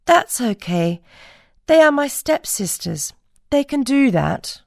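A woman playing a gentle storybook cat. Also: high-pitched, big pitch swings, slow pace, vocal fry, no echo, studio quality, voice pushed up, full character voice. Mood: sympathetic. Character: loyal gentle pet cat, sympathetic.

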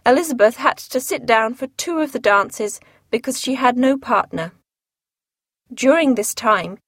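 A woman's voice: fairly high pitch, no echo, studio quality. Woman narrating a classic novel. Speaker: audiobook narrator. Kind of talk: scripted audiobook narration.

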